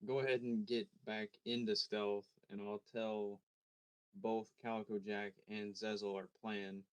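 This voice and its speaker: A man plays a tabletop role-playing game in a somewhat low voice. He talks plainly and dryly. His delivery stays matter-of-fact. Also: level tone, unhurried, clear, resonant tone. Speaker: player. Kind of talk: casual tabletop play.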